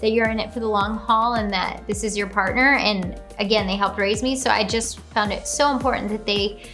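A woman's voice: mid-range voice, fairly even intonation, moderate pace, a bit bright, soft background music. A woman casually reacting to her own video, gushing and bubbly, often gasping and laughing.

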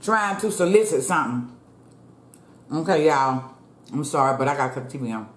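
A woman's voice: low-pitched, animated, a little fast. A woman food vlogger chatting casually to her viewers while eating, calling them y'all. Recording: echoey room with faint ambience.

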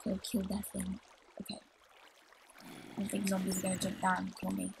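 Chatty gravelly-voiced woman gaming. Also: medium pitch, monotone, normal speed, background noise. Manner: chatty, easily startled, talks to herself while playing. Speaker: gaming channel host. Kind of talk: let's play commentary.

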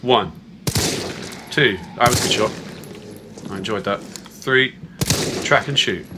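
A man's voice: on the low side, takes it slowly, very noisy. A man giving casual, playful let's-play commentary on a horror game, chatting to viewers as he plays. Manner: playful, chatty, talks to viewers while playing. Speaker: gamer playing through a horror game.

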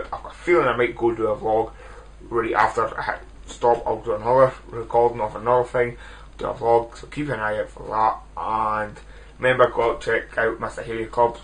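A man's voice: mid-range voice, a bit bright, poor audio. A man in his twenties giving a casual, rambling video film review, often restarting and apologising. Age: 20s. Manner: rambling, self-deprecating, many restarts.

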